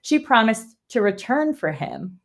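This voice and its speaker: A woman co-hosting a book club podcast, reading a plot summary and then chatting in an animated way, laughing and swearing. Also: on the high side, measured pace. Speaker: podcast co-host. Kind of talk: read summary and casual book chat.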